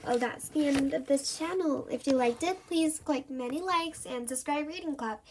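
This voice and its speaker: A woman reading a children's chapter book aloud in an even storytelling manner. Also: high-pitched, moderate pace, slight background noise. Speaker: reader.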